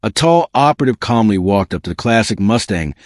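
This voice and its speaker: A man's voice: fairly low pitch, expressive, a little fast, dry recording, studio quality. A man reading a dramatic story as scripted narration with an intense delivery.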